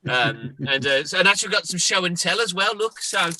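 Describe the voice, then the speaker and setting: Brief: man from Birmingham, sharp bright tone, slightly high, chatty and halting. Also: animated, low-quality recording. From Birmingham, England. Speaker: guest panelist. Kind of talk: casual video-call chat.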